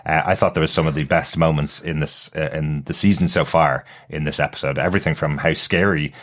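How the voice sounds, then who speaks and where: Low-pitched man co-hosting a TV podcast, casual and chatty. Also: fairly even intonation, a little fast, a bit bright. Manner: chatty, laughs often, restarts thoughts. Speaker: podcast co-host. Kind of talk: casual chat.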